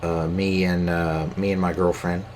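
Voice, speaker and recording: Low-voiced guy, solo podcast host, hesitant and profane, light background hiss. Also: flat delivery, normal speed, a little mellow. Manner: hesitant, lots of fillers, profane. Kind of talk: casual rambling monologue. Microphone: camera mic.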